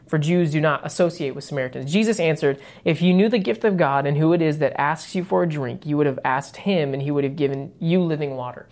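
Easygoing male co-host who reads a Bible passage and then unpacks it in plain talk. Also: a little high. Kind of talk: casual Bible study chat and scripture reading.

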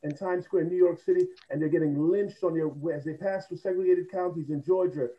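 Passionate male panelist, fairly high voice, dull lo-fi audio. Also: steady tone, a little fast. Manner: impassioned storytelling. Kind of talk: panel discussion.

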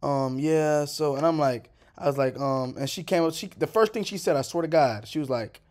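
A man's voice: on the high side, normal speed, few pauses, a little mellow. A man in his twenties talking over a clip in a casual, rambling vlog style, full of slang and "bro". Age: 20s. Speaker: vlogger.

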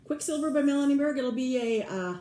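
A woman's voice: sits high, animated, fairly quick, dark tone, slight background noise. A middle-aged woman co-hosting a casual podcast, chatty and gushing, often trailing off mid-sentence. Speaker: podcast co-host. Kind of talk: casual chat. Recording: roomy room echo.

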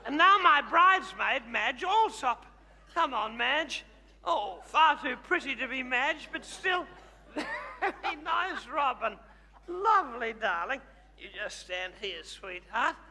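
A man playing Dame Edna, a bright theatrical diva. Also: very high-pitched, animated, slow pace, full character voice. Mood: bossy. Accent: Australian. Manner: bossy, fussing and self-adoring. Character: brash older woman stage diva. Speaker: comedy host. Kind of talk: live stage comedy. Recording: live theatre with hall reverb.

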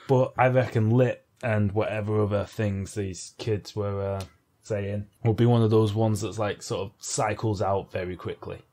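Male co-host, low and husky, wry and dry. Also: little pitch movement, moderate pace, warm tone. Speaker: podcast co-host. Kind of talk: casual comedic chat.

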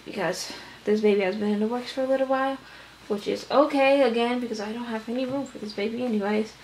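A woman's voice: on the high side, steady tone, quick pace, darkish tone, a little hiss or hum. A young woman from Wisconsin chatting casually and rambling on a vlog, a little out of breath. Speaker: doll-collecting vlogger. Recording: echoey room.

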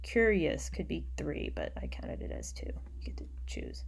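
A woman teacher giving a recorded online lecture, explaining patiently and often dropping into quiet muttering as she works. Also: fairly low pitch, expressive, normal speed, vocal fry, slight background noise.

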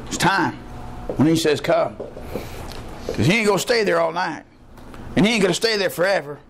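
A man preaching a sermon as pastor, folksy, acting out the voices in his stories and rising to shouts. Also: on the high side, animated, normal speed, a little hiss or hum. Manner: folksy storytelling, acts out voices; rises to shouts when fired up. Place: church.

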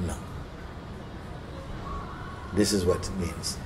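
A man's voice: on the low side, slow, pauses often, slight background noise. Man telling a spiritual parable. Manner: animated storyteller who often checks in with "no?" and "you see?". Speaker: spiritual teacher. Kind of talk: storytelling in a spiritual talk.

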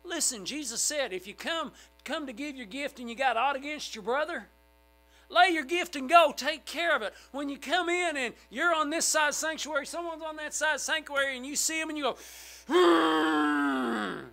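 A middle-aged male pastor preaching a sermon in a church sanctuary, emphatic and swinging from loud outbursts to hushed asides. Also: extremely high pitch, a little fast, poor audio.

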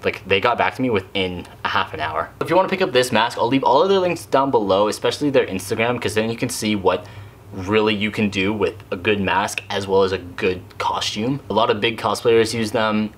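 A man's voice: lowish voice, a little fast. A young man reviewing a cosplay mask on camera, chatty and rambling with lots of fillers. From Canada. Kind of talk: casual product review.

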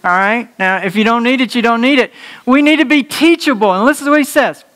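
A male pastor preaching a conversational sermon to his congregation, animated and joking, laughing at his own slips of the tongue. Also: very high-pitched, fast. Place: church sanctuary before a congregation.

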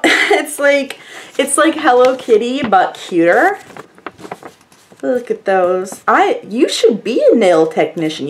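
A woman's voice: on the high side, slight background noise. A woman vlogger chatting casually to the camera, gushing and effusive as she rambles on. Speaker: beauty vlogger opening fan mail.

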